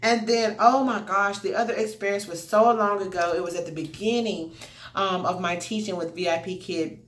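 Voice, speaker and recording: A woman tells stories from her online teaching in a casual, animated vlog voice. She chats straight to her viewers as if they were friends. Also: medium pitch, moderate pace. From United States. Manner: animated, chatty, addresses viewers directly.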